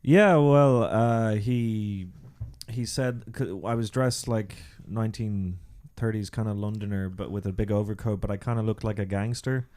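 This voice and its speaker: A man's voice: lowish voice, normal speed, a little mellow, smooth. A young man from the podcast crew, talking casually in a hesitant, sheepish way with lots of fillers. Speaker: sound and video crew on the podcast. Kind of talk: casual chat.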